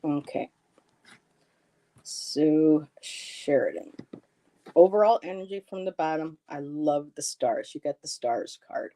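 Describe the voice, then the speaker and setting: A tarot reader and live-stream host talks in a low, mellow, animated voice, taking it slowly with frequent pauses. Chatting casually through card readings, she reads her chat's comments aloud, reassures viewers, and laughs often.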